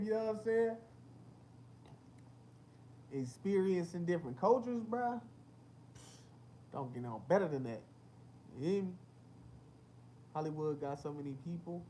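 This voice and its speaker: A man's voice: high-pitched, normal speed, pauses often, a little hiss or hum. A young man, hosting a casual livestream, telling stories full of slang and cursing and reading chat comments. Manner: animated storytelling with lots of slang and cursing.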